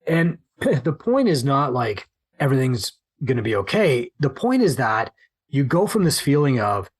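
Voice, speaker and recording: A man's voice: mid-range voice, sing-song, normal speed, slightly rough. A man hosting a business podcast, talking animatedly and acting out worried inner monologues. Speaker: podcast host and gym business coach. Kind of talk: solo business podcast talk.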